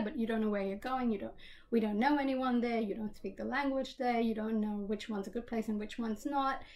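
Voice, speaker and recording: A young Australian woman telling a personal story in a casual vlog, chatty and quick, with lots of "like" and "you know" fillers. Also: fairly high pitch. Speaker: vlogger.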